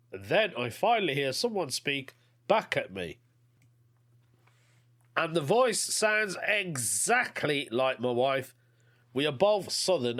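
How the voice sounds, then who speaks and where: A male podcast host with a medium-pitched, slightly bright voice reads out a listener's story and chats about it. His manner is offhand and chatty, and he says "mate."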